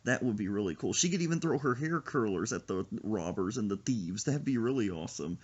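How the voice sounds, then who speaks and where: This podcast co-host talks a little fast in a lowish, somewhat breathy voice, spinning lively stories and laughing frequently during casual chat. The recording is muffled and dull.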